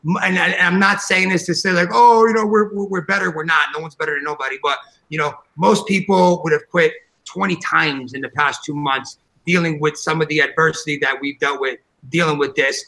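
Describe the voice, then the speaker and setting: Podcast co-host, New man, high bright voice, brash swearing storyteller. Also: a little fast, rough recording. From New Jersey. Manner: loud, profane, animated storytelling. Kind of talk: casual chat.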